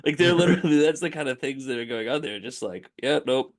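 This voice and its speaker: A man co-hosting a relaxed film discussion with an animated delivery. He laughs between points and slips into quoted voices to make his case. His pitch sits in the middle. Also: fast talker. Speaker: podcast co-host.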